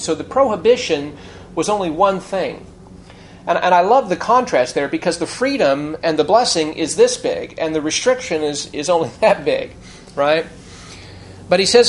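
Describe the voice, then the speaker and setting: A man preaching an expository sermon in a conversational teaching manner, restarting phrases and slowing down to stress key words. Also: a little high, expressive, slight background noise. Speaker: pastor.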